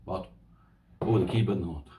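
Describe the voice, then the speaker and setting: A man's voice: low voice, a little fast, roomy sound, recorded from a distance, background noise. Rambling Irish man showing off padlocks. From Ireland. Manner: rambling, talks to viewers as "boys", uses "this here". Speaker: lock collector showing his padlocks. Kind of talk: casual show-and-tell to camera.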